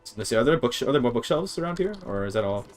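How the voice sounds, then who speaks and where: A man streaming gameplay in casual chatter, thinking aloud, sounding out words haltingly and swearing now and then. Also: medium pitch, lively intonation, soft background music.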